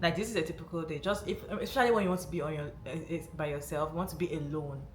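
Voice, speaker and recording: A woman's voice: low-pitched, very fast. A woman host reacting to a clip in casual commentary, reflective and repeating points for emphasis. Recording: roomy with faint background noise.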